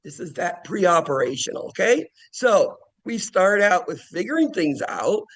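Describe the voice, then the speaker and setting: High-voiced, animated male nursing professor. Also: unhurried. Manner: animated, acts out children's play and cries. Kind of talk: classroom lecture. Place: classroom.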